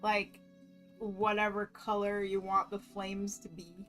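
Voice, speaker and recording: Slow, chatty woman narrating her drawing. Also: medium pitch, soft background music. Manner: relaxed, chatty, talks through each step. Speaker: artist streaming her sketch commissions. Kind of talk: casual narration while drawing.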